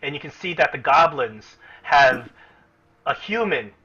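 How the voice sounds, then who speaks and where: A man's voice: on the high side, lively intonation, measured pace, sharp tone, breathy edge. A man narrating as game master in an online tabletop game, casual and explanatory, with many fillers and restarts, on muffled lo-fi audio.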